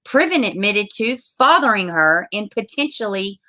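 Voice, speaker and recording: A woman's voice: mid-range voice, lively intonation, normal speed, sharp tone. A woman streamer rambling casually to her viewers, swearing often and trailing off mid-thought. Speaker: live streamer.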